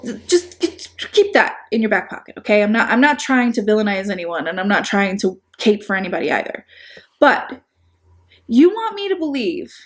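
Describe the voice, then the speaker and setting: Woman, Chicago accent, sarcastic commentary, rambling, fairly high voice. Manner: sarcastic, rambling, self-deprecating. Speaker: commentary YouTuber. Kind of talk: casual video-essay commentary.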